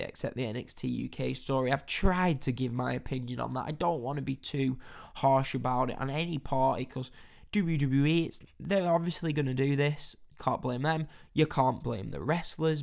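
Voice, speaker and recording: A man's voice: mid-range voice, vocal fry. A man hosting a wrestling news podcast, chatting casually and wryly reading stories aloud. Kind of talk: casual solo podcast chat.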